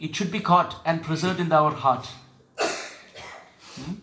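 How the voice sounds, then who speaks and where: A man giving a devotional sermon who questions his listeners and chants verses slowly. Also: fairly high pitch, echoey room, noisy background. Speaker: spiritual teacher. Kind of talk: devotional sermon with call and response.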